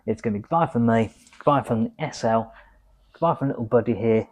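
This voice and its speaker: A man talking through his own car vlog in a relaxed, chatty way. He reads out quiz questions and answers, then breaks off to add his own casual asides. His pitch sits in an ordinary middle range. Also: fast talker. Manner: chatty, adds asides while reading. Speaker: car vlogger.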